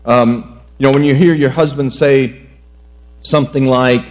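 A man's voice: on the high side, measured pace, darkish tone. A middle-aged man preaching a sermon on marriage in a folksy, joking way, often stumbling and restarting his phrases. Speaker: pastor. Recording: dull lo-fi sound with mains hum.

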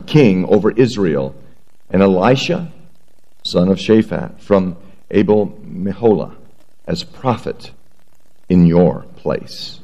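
A man preaching a sermon, reading scripture aloud in a measured, earnest way before praying and beginning his message. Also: on the low side, dark tone, rough recording. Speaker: pastor.

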